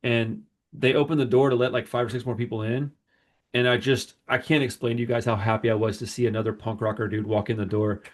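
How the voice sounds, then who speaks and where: Man, podcast host, casual storytelling, animated, rambling. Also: mid-range voice, fast. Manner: rambling, animated retelling with quoted voices.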